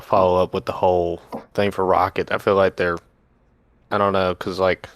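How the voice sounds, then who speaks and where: A man's voice: sits low, no echo. A young man in casual podcast chat who talks in an unsure way and trails off.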